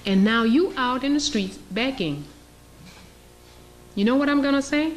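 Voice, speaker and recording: A woman's voice: high-pitched, lively intonation, a little slow, pauses often, low-quality recording. A woman giving an impassioned public lecture, emphatic, acting out scenes and asking rhetorical questions. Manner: emphatic, role-plays scenarios, rhetorical questions.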